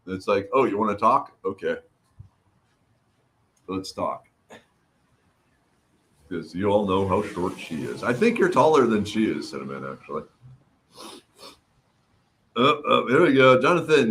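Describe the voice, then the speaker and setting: A man's voice: on the low side, very animated, moderate pace, a bit bright. A middle-aged man hosting a casual livestream, greeting viewers by name and chatting while his throat recovers. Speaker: livestream host. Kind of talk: casual livestream chat reading comments.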